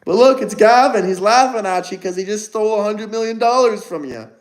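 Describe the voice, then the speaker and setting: High-voiced, combative male livestreamer. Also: fairly quick, poor audio. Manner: combative, mocking replies to chat. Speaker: livestream host. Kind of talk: casual livestream chat.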